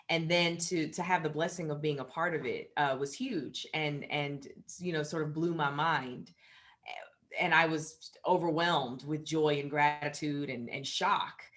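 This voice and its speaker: A woman's voice: sits low, a bit bright. A woman, an actress guest, speaking in an effusive, heartfelt way in an interview. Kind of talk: casual interview chat.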